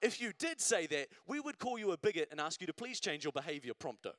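A man's voice: on the high side, sing-song, fast talker, fairly bright tone, no room sound. A man preaching a sermon at a church service in a conversational way, often checking in with the congregation and building to emphatic repetition.

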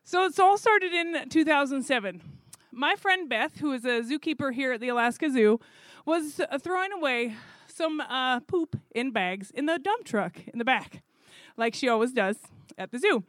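A woman who coordinates zoo volunteers, telling a story in a chatty, animated way with fillers. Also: high-pitched, moderate pace, no room sound. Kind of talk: casual storytelling.

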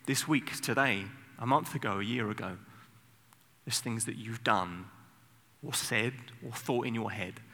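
A man preaching a sermon, telling the story with lively bursts of acted shouting. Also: mid-range voice. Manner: animated storytelling, sudden loud acted outbursts. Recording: long hall reverb.

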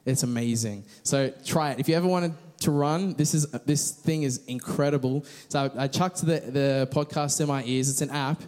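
A man's voice: a little high, a little mellow. A man preaching a casual, conversational sermon with frequent restarts and fillers.

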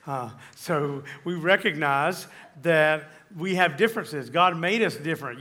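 Male pastor, bright and higher-pitched, teaching sermon with scripture and questions to the congregation. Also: a little slow, few pauses.

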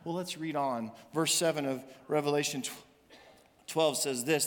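A man, the senior minister, preaching a sermon in a church sanctuary and telling a story with animated quoted voices. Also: fairly high pitch, normal speed. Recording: long hall reverb, faint music.

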